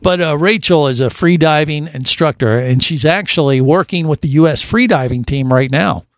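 A man's voice: a little high, moderate pace, dry recording. Jokey male radio host in a dry studio. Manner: jokey, rambling banter. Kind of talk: casual studio chat.

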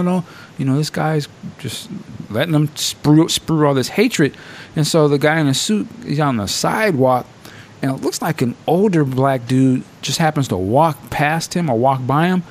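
A man hosting a podcast in casual chat, telling stories with slang and swearing, jumping up high to act out quotes, and laughing often. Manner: animated storytelling, acting out quotes in a raised voice. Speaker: podcast host.

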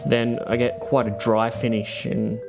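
A man with an Australian accent, a podcast listener answering interview questions in a measured, thoughtful way with frequent ums. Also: medium pitch, flat delivery, vocal fry, over music.

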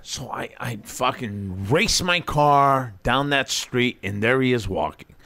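A man's voice: mid-range voice, expressive, takes it slowly, vocal fry, sharp tone. A man co-hosting a podcast, telling a story in crude, profane casual chat. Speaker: podcast co-host.

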